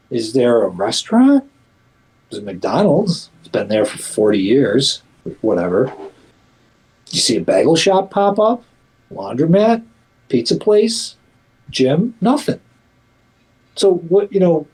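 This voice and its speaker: A man with a mellow, warm tone talks casually in an interview about his community work. He rambles and restarts, stacking up fillers, but keeps pressing his points with emphasis. When he quotes others, his voice turns livelier. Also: a little high, husky, low-quality recording.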